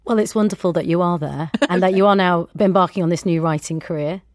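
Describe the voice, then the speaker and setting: A woman hosting a radio interview, asking questions in a brisk, friendly way. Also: fairly low pitch, dry recording, clean studio sound. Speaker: radio host.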